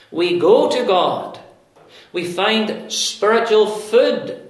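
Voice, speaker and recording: A man delivers an expository sermon, weighing each phrase with emphatic pauses. His voice sits high for a man, and he takes his time. The sound rings in a strongly echoing room. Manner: slow, deliberate expository preaching with emphatic pauses. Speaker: preacher. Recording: very echoey room.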